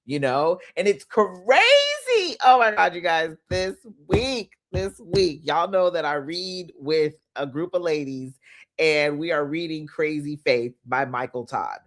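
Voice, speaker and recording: Lively preachy woman coach. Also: low-pitched, takes it slowly. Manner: animated, preachy, playful, laughs often, hollers for emphasis. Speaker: host, manifestation coach. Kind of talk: motivational talk.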